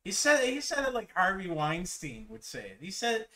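A man's voice: high voice, wildly swooping pitch, moderate pace, sharp tone. A young man casually commenting on videos as a streamer, laid-back, swearing and laughing often.

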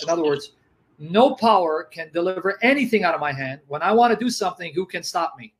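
A man's voice: sits high, lively intonation, fairly quick, rough recording. A man in a live religious debate, pressing his opponent with questions and reading scripture aloud. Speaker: Christian debater.

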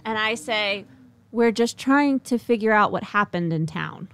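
Slow, earnest woman playing a druid. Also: mid-range voice, expressive, fairly bright tone. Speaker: player. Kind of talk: playing a tabletop game.

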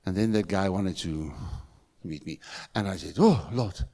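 A man's voice: low voice, a little slow, warm tone. A middle-aged man with a South African accent, preaching a sermon in a church and telling stories with emphatic, rising calls. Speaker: pastor.

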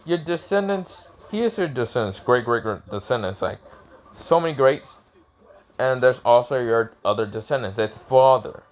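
A man's voice: medium pitch, lively intonation, moderate pace, natural voice. A man voicing a blunt, irritable death god. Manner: blunt, offhand, profane.

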